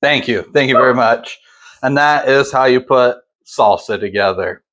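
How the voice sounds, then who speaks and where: Easygoing guy talking thru a home cooking vlog, joking about himself, mid-pitch voice. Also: normal speed, a bit bright. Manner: laid-back and self-deprecating, chatty asides. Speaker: cooking channel host.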